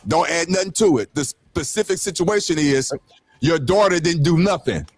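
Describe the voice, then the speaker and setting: Man in his 50s, slightly high voice, keeps restarting, pushy about his hypothetical. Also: animated, moderate pace, slightly rough, dry recording. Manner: insistent, stumbling restarts, lays out hypotheticals. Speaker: podcast co-host. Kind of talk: casual debate.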